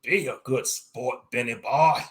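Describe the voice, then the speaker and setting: A man's voice: medium pitch, unhurried, natural voice. A man voicing a boastful, murderous male pirate captain who taunts in sea-dog slang and chuckles as he talks.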